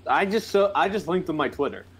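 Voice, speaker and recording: A man's voice: on the high side, lively intonation, brisk, soft background music. A man guesting on a let's-play stream, telling rambling stories in casual slang. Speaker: guest co-player.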